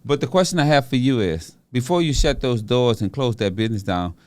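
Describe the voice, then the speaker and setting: A man hosting a podcast interview, chatty and animated, calling out encouragement to his guest. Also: medium pitch, brisk. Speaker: podcast host. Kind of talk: casual interview.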